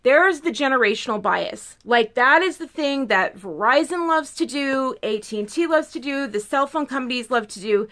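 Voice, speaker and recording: A woman's voice: high-pitched, animated, moderate pace, few pauses, fairly bright tone. A woman vlogger telling a story in a casual, emphatic way, full of "like". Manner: chatty, peppered with "like", emphatic.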